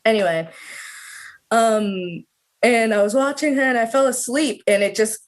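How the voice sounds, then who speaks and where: A woman's voice: on the high side, measured pace. A woman of about twenty, a student guest on a video call, chatting casually with lots of "like" fillers. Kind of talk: casual interview chat.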